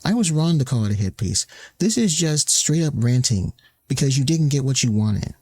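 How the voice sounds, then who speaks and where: A man's voice: mid-range voice, very animated, normal speed, darkish tone, dry recording. A man streamer delivering a heated, swearing commentary rant that mocks the people he quotes.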